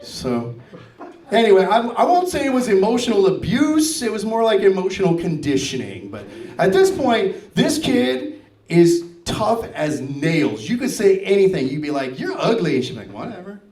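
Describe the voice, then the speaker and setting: A man in his fifties performing standup comedy, his voice pitched high and swinging widely as he plays the people in his stories. The sound is echoey, as if picked up from a distance in a large venue. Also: moderate pace. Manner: animated storytelling, acting out family dialogue. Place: stage before a live audience.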